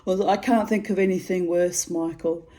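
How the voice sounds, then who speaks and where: A woman's voice: fairly low pitch, steady tone, brisk, mellow, low-quality recording. A middle-aged woman telling a personal story to camera in a frank, aggrieved way, swearing freely. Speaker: video storyteller.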